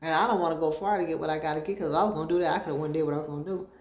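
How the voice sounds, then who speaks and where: A woman's voice: deep voice, steady tone, very fast, darkish tone. A woman hosting a casual livestream talk show from home, chatting to viewers in a meandering way. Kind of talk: casual rambling chat to viewers. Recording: echoey room.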